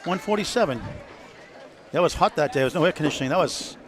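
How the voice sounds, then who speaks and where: A man's voice: on the high side, animated, quick pace. A man hosting live bowling commentary, playful and teasing, bantering with his guest. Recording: bowling alley crowd behind.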